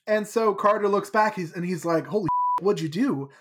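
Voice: medium pitch, normal speed, husky. A podcast host casually recapping a book chapter in a chatty, playful way.

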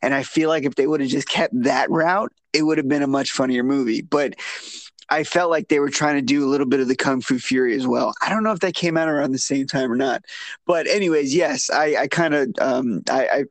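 A man co-hosting a casual film review podcast, rambling and restarting his sentences, turning animated when he is incredulous. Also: medium pitch, brisk, no room sound. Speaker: podcast co-host.

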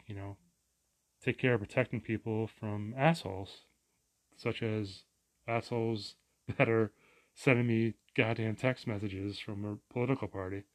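A man vlogging a casual, rambling rant, exasperated and profane, full of restarts and asides. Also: on the low side.

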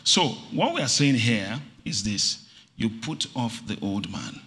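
A man's voice: fairly low pitch, measured pace. A middle-aged man preaching a sermon, calling for responses and acting out little stories. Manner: animated preaching with call-and-response and acted anecdotes. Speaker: pastor. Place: church hall. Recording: reverberant church hall.

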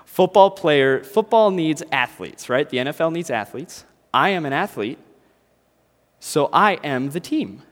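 A man voicing a huge muscular athlete who talks slowly and self-importantly, in a sermon with a long echo. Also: on the high side, lively intonation. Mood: insistent.

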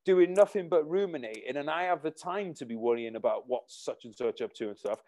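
A man, an army veteran and writer, talking in a halting, rambling, profane way. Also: fairly high pitch, animated, warm tone. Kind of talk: casual conversation.

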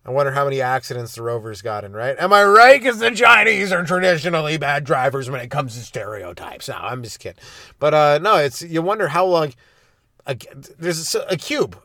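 A man's voice: fairly high pitch, pushed and bright, dry recording. A young man from Canada hosting a comedy podcast alone from a parked car, ranting in a rambling, sarcastic, self-mocking way and swearing freely. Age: young adult. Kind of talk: solo comedic rant. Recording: dry close sound in a car.

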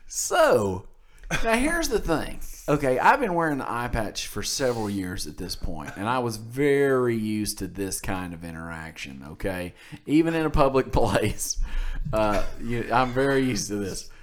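A man's voice: mid-range voice, very animated, unhurried, slight background noise. A man from South Mississippi co-hosting a casual podcast, telling a story with a voice that rises and falls a lot. He laughs often and keeps his delivery loose and chatty. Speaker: podcast co-host.

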